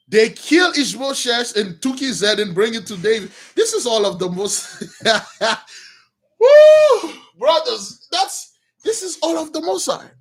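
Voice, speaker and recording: A man preaching, retelling a Bible story in loose slangy talk and acting out the characters with shouts and laughs. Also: very high voice, slightly rough.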